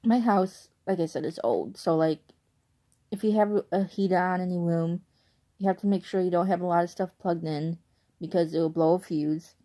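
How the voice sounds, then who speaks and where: A woman's voice: on the low side, steady tone, moderate pace, warm tone. A young woman telling a rambling story casually at home in her bedroom at night, full of "like" and asides. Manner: rambling, chatty, lots of "like". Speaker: vlogger.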